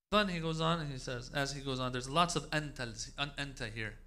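A man's voice: medium pitch, a little fast, hardly any pauses, pushed and bright. A man giving a religious lecture, speaking emphatically, asking rhetorical questions and quoting Arabic prayers.

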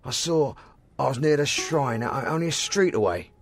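A man's voice: medium pitch, expressive, normal speed, close to an everyday voice. An actor dubbing an anxious man who soothes and reassures the person he talks to while hiding his own troubles. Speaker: shopkeeper. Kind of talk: dubbed film dialogue.

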